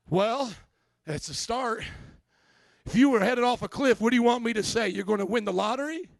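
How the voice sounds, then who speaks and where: A man with a notably high voice preaches with fervor, throwing rhetorical questions at his congregation and rising to shouts. The sound is close and dry, with little room around it. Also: a little fast, gravelly, no room sound. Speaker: pastor. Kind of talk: sermon.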